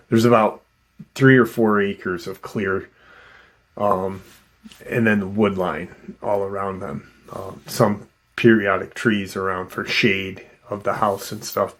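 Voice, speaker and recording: Slow, low-voiced man retelling a story. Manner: loose and conversational, full of "um" and "you know". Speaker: host and storyteller. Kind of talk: casual retelling of an encounter story.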